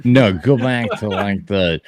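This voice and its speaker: A man hosting a casual live stream, talking slowly and hiccuping as he chats. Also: on the low side, a crowd in the background. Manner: laid-back, keeps hiccuping. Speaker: livestream host.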